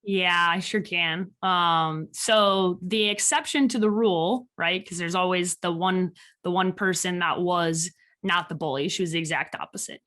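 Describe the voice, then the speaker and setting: A woman's voice: fairly low pitch, measured pace. Casting note woman from Chicago telling stories. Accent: slight Chicago. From Chicago, USA. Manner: animated, quotes people in lively voices. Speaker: podcast guest. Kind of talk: casual interview storytelling.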